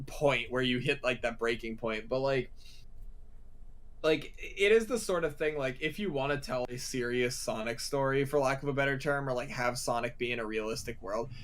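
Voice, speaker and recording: A man's voice: medium pitch, normal speed, fairly bright tone. A young man co-hosting a casual movie chat podcast, rambling and swearing freely. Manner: rambling, swears freely, does silly voices. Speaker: podcast co-host.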